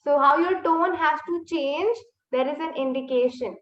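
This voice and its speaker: Woman language teacher on a video call, high animated voice, slow patient delivery, echoey dull stream audio. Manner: slow, drawn-out modelling of tones for repetition. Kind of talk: live online language lesson.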